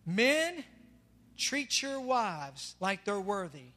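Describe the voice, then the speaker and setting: A man preaching a sermon, swinging between soft asides and loud emphatic declarations. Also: high voice, sing-song, extremely slow. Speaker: pastor. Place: church sanctuary. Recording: long reverb of a large hall, faint music.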